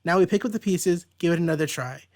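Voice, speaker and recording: Calm reassuring heroine, guy voicing her high. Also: fast talker, lightly acted. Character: calm telepathic woman, reassuring.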